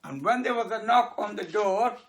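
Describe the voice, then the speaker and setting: A teacher telling a moral story to children, pausing to explain words as they go. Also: mid-range voice. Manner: explains words, slow and animated.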